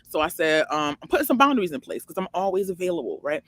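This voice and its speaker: A woman's voice: big pitch swings, fast talker, dry recording. A woman in her forties hosting her own online show, giving an emphatic, preachy motivational faith talk full of rhetorical questions. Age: 40s. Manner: jumps high and loud for emphasis.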